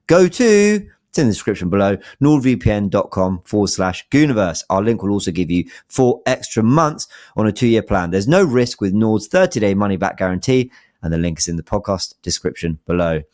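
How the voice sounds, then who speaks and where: A man's voice: lowish voice, a little mellow, dry recording, studio quality. A man co-hosting a football podcast, chatting in an upbeat, casual way with frequent restarts. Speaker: podcast co-host.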